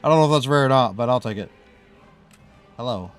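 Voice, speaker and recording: A man's voice: medium pitch, lively intonation, brisk, smooth, faint music behind. Chatty rambling streamer man. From US Midwest. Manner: chatty and rambling, with frequent self-interruptions and laughs. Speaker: game streamer. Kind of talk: casual live-stream commentary.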